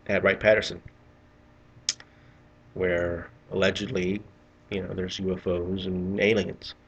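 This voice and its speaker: A man's voice: lowish voice, a bit bright. A middle-aged man telling a rambling, profane story in a casual vlog, often restarting his sentences. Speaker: vlogger.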